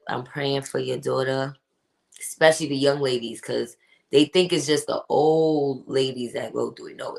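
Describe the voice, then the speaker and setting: A woman with an unusually deep voice hosts a casual livestream. She talks in a chatty, emphatic way and greets chat viewers by name as she goes. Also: creaky. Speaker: podcast host reading live chat.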